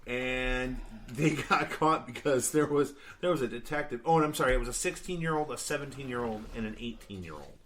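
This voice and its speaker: A man's voice: mid-range voice, lively intonation, a little fast, few pauses, fairly bright tone, a little hiss or hum. A young man co-hosting a podcast, rambling through a news story with a laugh in his voice. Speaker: podcast co-host. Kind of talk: casual podcast banter.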